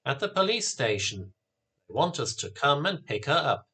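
A man's voice: mid-range voice, big pitch swings, moderate pace, pushed and bright, breathy edge, exaggerated voice. A man reading the part of a stern, angry father in a spoken story, lecturing firmly. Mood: grim.

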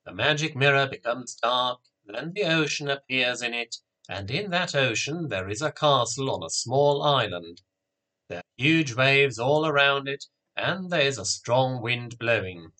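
A man narrating a children's story in a steady, clear reading voice. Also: mid-range voice, a little slow.

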